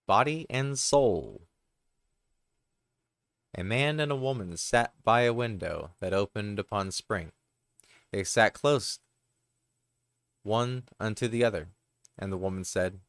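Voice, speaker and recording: Male reader for parables; deep, unhurried, occasional slips. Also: a bit bright, clear, resonant tone, no room sound. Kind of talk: reading parables aloud.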